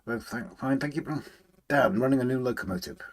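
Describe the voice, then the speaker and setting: A man hosting a relaxed live stream, chatting, greeting viewers by name and humming to himself as he works on a model railway. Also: mid-range voice, a little fast, gravelly. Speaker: livestream host. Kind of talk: casual live chat, reading out viewer comments.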